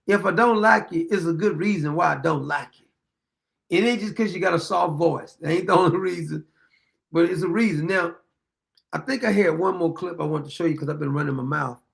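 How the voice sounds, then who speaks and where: A man speaks in a casual, blunt monologue. His voice sits high for a man and carries a gravelly edge. He talks emphatically, like a host holding forth on his own show. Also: a little fast. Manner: blunt, emphatic, plain-spoken. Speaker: podcast host.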